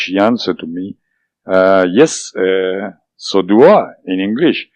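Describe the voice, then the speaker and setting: Low-voiced French-speaking man, halting. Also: expressive, a little mellow, dry recording. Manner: halting, with many fillers and restarts. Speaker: interview guest. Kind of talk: recounting a personal experience in an interview. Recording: dull lo-fi dry recording.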